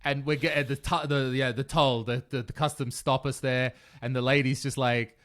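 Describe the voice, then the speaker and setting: A man chats casually on a podcast, telling stories about life on the road. He is animated and loose, swearing now and then, and his voice sits at an everyday middle pitch. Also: normal speed. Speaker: podcast co-host. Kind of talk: casual chat.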